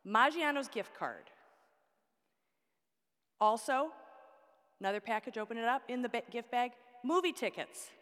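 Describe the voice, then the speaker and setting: A woman's voice: a little high, lively intonation, a little slow, long pauses, fairly bright tone. A woman teaching a Bible study class, explaining step by step with props and asking the class questions. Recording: long hall reverb.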